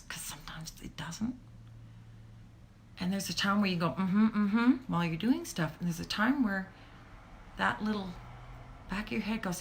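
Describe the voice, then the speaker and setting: A middle-aged woman leads a relaxed motivational talk about parenting, speaking expressively and occasionally sinking to almost a whisper to stress a point. Her pitch sits fairly low, and there's a faint hiss or hum in the recording.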